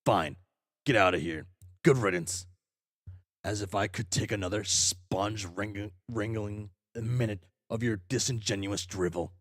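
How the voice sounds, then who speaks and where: A man reading aloud as a furious, foul-mouthed young male troll, ranting and swearing at himself in shouted tirades. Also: lowish voice, unhurried, dry recording, clean studio sound. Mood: snarling.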